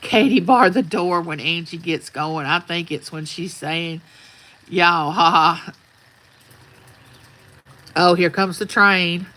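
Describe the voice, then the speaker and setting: A woman's voice: on the low side, a little slow, few pauses, a bit bright, poor audio. An older woman, telling folksy stories in a rambling, casual chat outdoors. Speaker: vlogger. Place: outdoors at sunrise.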